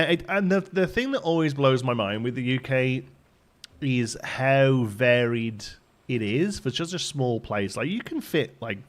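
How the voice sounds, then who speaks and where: Guy streaming a game from home, chatty, laughs a lot, mid-pitched voice. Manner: chatty, laughs often while talking. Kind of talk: casual live-stream chat. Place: home in Ontario, Canada.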